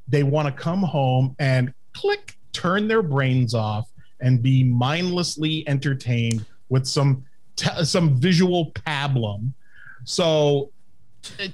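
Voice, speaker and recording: A man, co-hosting a comedy podcast, opinionated and swearing, often repeating himself in casual banter. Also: fairly high pitch. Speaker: podcast co-host.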